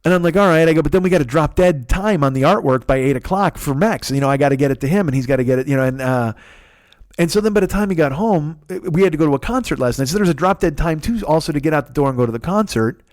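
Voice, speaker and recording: Fast-talking profane male storyteller. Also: on the high side, expressive, a little mellow, no echo. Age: 40s. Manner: rambling, profane, self-mocking storyteller. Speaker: podcast host. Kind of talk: solo comedic storytelling. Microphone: close podcast mic.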